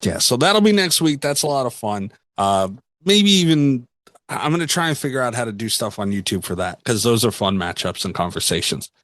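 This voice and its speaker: A man hosting a podcast in casual banter, animated and teasing, quick to laugh. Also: medium pitch, no room sound, clean studio sound. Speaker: podcast host.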